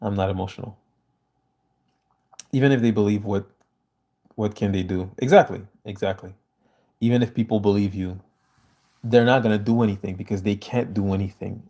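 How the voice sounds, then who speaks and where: A man speaks in a lowish, mellow voice, hosting a casual livestream and answering his viewers. He talks earnestly and with emphasis. The sound is a plain home setup. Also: fairly even intonation, normal speed, long pauses. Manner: earnest, emphatic, reads chat aloud and answers. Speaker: livestream host reading viewer comments.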